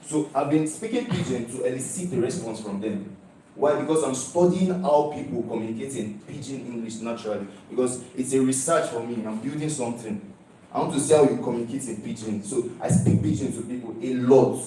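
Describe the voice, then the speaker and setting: A man's voice: mid-range voice, brisk, dark tone, slight background noise. Young man presenting in an echoey hall. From Nigeria. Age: young adult. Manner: emphatic, repeats key phrases, keeps asking "do you understand?". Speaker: student presenter. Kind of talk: live project presentation. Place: large lecture hall. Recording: echoey hall, heard from a distance.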